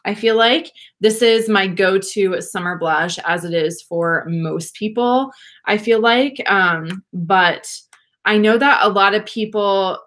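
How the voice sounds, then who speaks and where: A bubbly young woman chats with viewers at home as she does her makeup on a livestream. She gushes, laughs easily and speaks at a middling pitch into a webcam mic. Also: takes it slowly, a bit bright. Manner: bubbly, gushing, laughs often, talks to viewers. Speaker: beauty vlogger. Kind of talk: casual livestream makeup chat.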